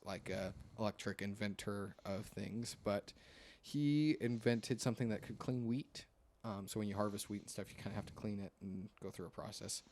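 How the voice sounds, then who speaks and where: A young man with a slightly low voice hosts a relaxed podcast conversation. He rambles along, hedging and filling gaps with "like" and "um" as he works through his notes. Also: slight background noise. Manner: rambling, hesitant, lots of fillers. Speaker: podcast host. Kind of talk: casual chat.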